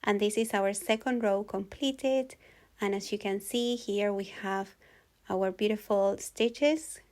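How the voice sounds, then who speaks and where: A woman narrates a crochet tutorial in a calm, patient voice-over. She talks slowly and evenly, at a middle pitch. She often goes back over a step so it can be followed. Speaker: crochet instructor.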